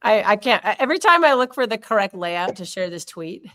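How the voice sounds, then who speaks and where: A woman hosting a casual fan stream over a video call. She talks in an animated way, swears freely and gets flustered while trying to share her screen. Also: mid-range voice, a little fast. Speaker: stream host.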